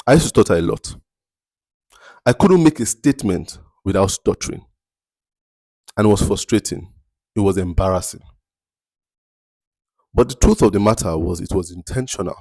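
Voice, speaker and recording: A man with a Nigerian accent hosting a faith-based motivational podcast, speaking slowly and deliberately and repeating words for emphasis. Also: lowish voice, lively intonation, darkish tone, dry recording, clean studio sound. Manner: slow, deliberate, picks words carefully with emphatic repetition. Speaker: podcast host.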